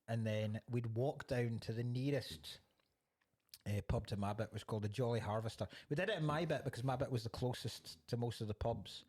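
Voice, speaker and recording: A man's voice: medium pitch, darkish tone. A Scottish man co-hosting a comedy podcast, telling a long story in a casual chat, swearing freely and laughing often. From Scotland. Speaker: podcast co-host.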